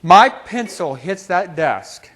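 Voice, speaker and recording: A man giving a teacher training talk as a motivational speaker, telling a personal story with animated humor. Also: sits high, takes it slowly.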